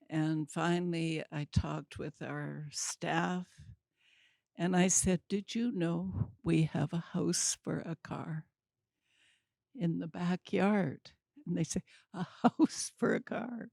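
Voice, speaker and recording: An older woman telling a story at a community talk, deliberate and wry with dry humor. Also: low-pitched, creaky, a little mellow, no room sound.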